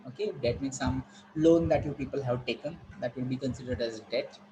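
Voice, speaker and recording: Indian English teacher in a noisy online class. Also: male voice, medium pitch, fairly quick. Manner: instructive, repeats words, asks students questions.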